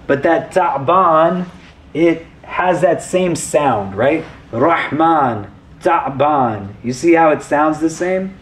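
A man's voice: a little high, takes it slowly. Casual, chatty man teaching a lesson. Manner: conversational, often checks in with "right?" and "does that make sense?". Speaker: religious teacher.

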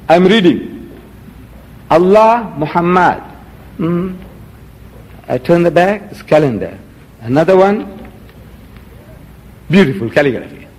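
A man's voice: high-pitched, in a large hall. A man giving a public lecture, indignant and rhetorical, holding up items for the audience. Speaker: Muslim lecturer.

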